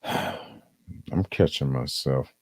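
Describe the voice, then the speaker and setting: A man's voice: extremely low pitch, extremely slow, husky, dry recording. A man streaming a casual, profane movie review, rambling and leaning on "um" and "uh". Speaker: live streamer.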